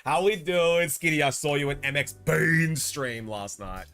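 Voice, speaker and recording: A man's voice: fairly high pitch, a little slow, bright, forceful tone. A man with an Australian accent chatting casually to his live chat as a streamer, slangy and laughing often.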